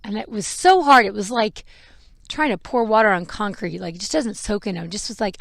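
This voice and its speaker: Frank woman with a gravelly edge. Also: medium pitch, brisk, no room sound, clean studio sound. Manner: frank and emotional, with laughs and the odd swear. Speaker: podcast host; mother. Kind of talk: candid personal storytelling.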